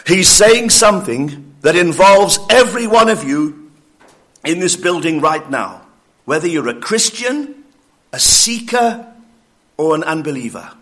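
Bright, high-pitched preacher man, slow and emphatic. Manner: emphatic, challenging, slows down to stress points. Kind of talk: sermon. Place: church building.

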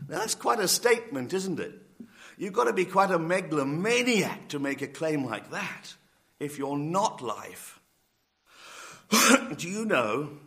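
A man preaching a sermon in a bright, clear voice. He speaks slowly and with emphasis, his pitch climbing on key words. Now and then he stops to cough. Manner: emphatic, slow and deliberate, rising on key words. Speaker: pastor.

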